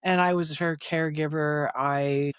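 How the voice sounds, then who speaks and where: A woman interview guest on a video call, calmly sharing her personal story in a steady, matter-of-fact way. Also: low-pitched, unhurried, smooth, no room sound, studio quality. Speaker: guest, resilience coach. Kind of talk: measured personal testimony.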